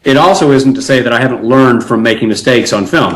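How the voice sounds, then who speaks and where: A man's voice: medium pitch, fairly quick, poor audio. A man from Nashville, Tennessee, guest on an interview, talking in an easygoing, chatty way with many fillers. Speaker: actor guest. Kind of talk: casual interview.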